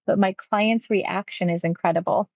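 A woman hypnotherapist recounting a client's session, talking quickly and acting out quotes. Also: mid-range voice, no room sound, lo-fi sound. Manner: quick, animated retelling with acted quotes. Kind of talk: storytelling about a client session.

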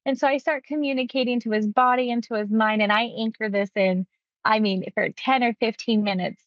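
A woman hypnotherapist recounting a client's session, talking quickly and acting out quotes. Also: a little high, no echo, lo-fi sound. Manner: quick, animated retelling with acted quotes. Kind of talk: storytelling about a client session.

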